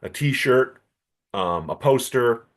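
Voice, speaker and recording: A man co-hosting a comics podcast, telling anecdotes in a relaxed, casual way. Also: mid-range voice, takes it slowly. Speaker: podcast co-host. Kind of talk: casual chat, storytelling.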